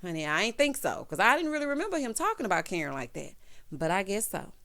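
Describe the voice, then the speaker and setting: Female recap host, sassy, lively pitch, chatty. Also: fast. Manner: sassy, animated, calls listeners honey and child. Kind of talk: casual recap commentary.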